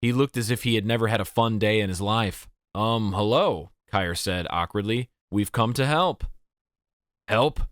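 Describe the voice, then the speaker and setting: A man narrating a fantasy audiobook in a measured, even storytelling manner on a close studio mic. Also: lowish voice, clear, resonant tone, no room sound. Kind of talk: scripted narration.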